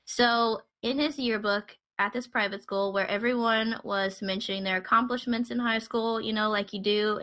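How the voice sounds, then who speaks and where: A bright, forceful young woman talks through a true-crime case on a podcast. Her delivery is casual and chatty, dropping wry asides as she goes. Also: mid-range voice. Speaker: podcast host.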